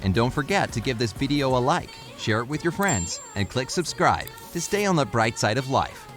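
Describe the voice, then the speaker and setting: A man's voice: medium pitch, very animated, normal speed, fairly bright tone, faint music behind. A man narrating a scripted informational video in an upbeat, friendly, evenly paced way.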